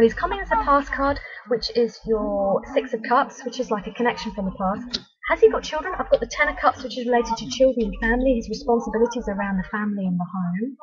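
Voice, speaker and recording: A woman psychic talks her way through tarot readings on a live web chat, picking up viewers' messages and answering them. Her voice sits fairly high, and the audio is muffled and lo-fi like an old web stream. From United Kingdom. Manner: chatty, reads viewer messages aloud, frequent ums.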